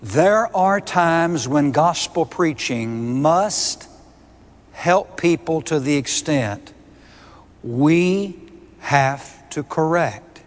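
A man's voice: fairly high pitch, expressive, extremely slow, long reverb tail. A man preaching a sermon, emphatic and repeating key words with rising force.

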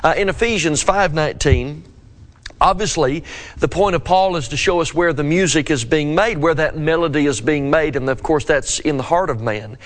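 A man's voice: a little high, normal speed. A man preaching a devotional scripture lesson, asking his listeners earnest questions.

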